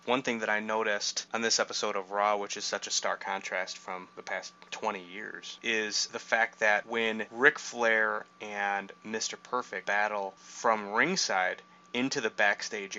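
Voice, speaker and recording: Bright-voiced man explaining wrestling lore. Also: lowish voice, steady tone, normal speed, few pauses, dull audio, slight background noise. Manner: knowledgeable, explains at length with fillers. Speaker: podcast host. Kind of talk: casual chat.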